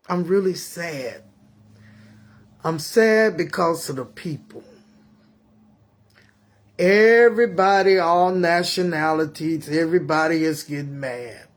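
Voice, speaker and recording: An older grandmother with a high voice , as a man puts her on, preaches and scolds in a comic monologue. She takes her time over every phrase, like someone praying aloud. Her tone is sermon-like and indignant. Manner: ranting, scolding. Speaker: storyteller.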